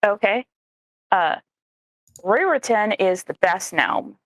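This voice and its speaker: A woman speaks casually on a stream, careful and a little hesitant as she talks. Her pitch sits in the middle, and her voice sounds dry and close. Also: lively intonation, slow, dry recording. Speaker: shop owner and player. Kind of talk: casual chat.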